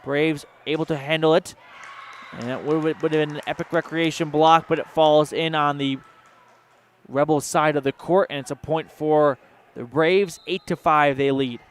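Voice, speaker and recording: A man calls a volleyball match for local radio, his voice smooth and clear. He pitches a little high and reels off the action in quick play-by-play, weaving sponsor names into the calls. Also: steady tone. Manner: rapid play-by-play with sponsor mentions. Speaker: play-by-play announcer. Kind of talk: local radio sports commentary.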